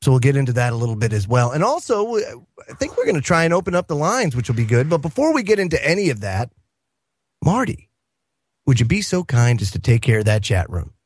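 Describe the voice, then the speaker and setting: A man hosting a talk radio show, in casual, animated banter with his co-hosts. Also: medium pitch, brisk, dry recording. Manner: animated, exclaiming, laughs easily.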